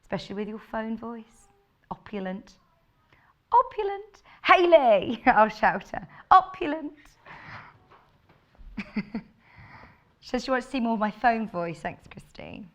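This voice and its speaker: A woman's voice: medium pitch, normal speed. A woman presenting fabrics live on a shopping channel, chatty and gushing as she reads out viewer messages. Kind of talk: live on-air product presentation.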